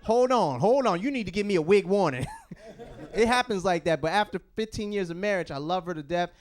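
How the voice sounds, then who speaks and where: A man's voice: high-pitched, a little fast. A man doing a stand-up routine in a small studio, telling stories and acting out the voices of people in them. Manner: animated storytelling with acted-out voices. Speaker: stand-up comedian. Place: small comedy studio stage.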